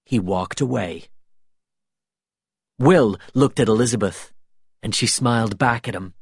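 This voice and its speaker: A man narrating a storybook in a slow, expressive reading voice. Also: on the low side, breathy edge, no echo, clean studio sound.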